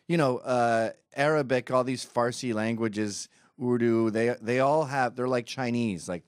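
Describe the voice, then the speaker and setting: A man's voice: medium pitch, a little slow, clean tone, no room sound, studio quality. A man from Britain giving a sarcastic, mocking comedic rant over a video clip. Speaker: commentator.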